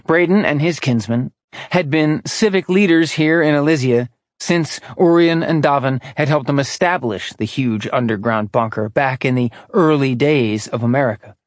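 An audiobook is narrated from a script by a man with a mid-range voice who reads steadily and deliberately. There's no echo, and the audio is studio quality.

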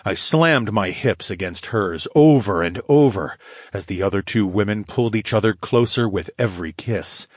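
A man narrating a fantasy audiobook in the first person, with a steady, low growling delivery. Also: normal speed, husky, dry recording, clean studio sound.

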